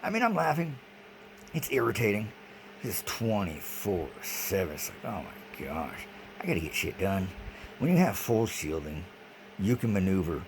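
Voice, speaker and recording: A man's voice: fairly low pitch, big pitch swings, normal speed. A man in a rambling, agitated video monologue who repeats himself and swears often. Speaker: vlogger. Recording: noisy background.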